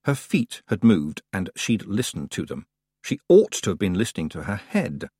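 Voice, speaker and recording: A man narrates a fantasy audiobook in a measured, dry way. His husky voice moves with a lively rise and fall. It is recorded close and dry, with no room sound. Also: deep voice, dry recording. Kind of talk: scripted narration.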